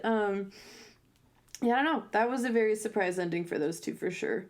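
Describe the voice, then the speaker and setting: A woman's voice: medium pitch, normal speed. Chatty young woman on a podcast. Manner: chatty, many fillers like "like" and "um". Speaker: podcast co-host. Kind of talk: casual chat.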